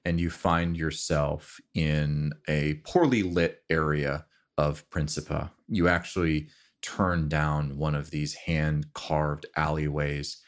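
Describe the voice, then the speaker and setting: Brief: male game master, very low voice, measured unhurried narration. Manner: relaxed, descriptive, with fillers and restarts.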